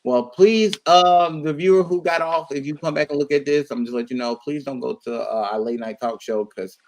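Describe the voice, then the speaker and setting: A man's voice: on the high side, steady tone, normal speed. Rowdy tipsy man telling stories. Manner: loud, laughing, crude slang storytelling. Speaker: talk show host. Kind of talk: casual chat.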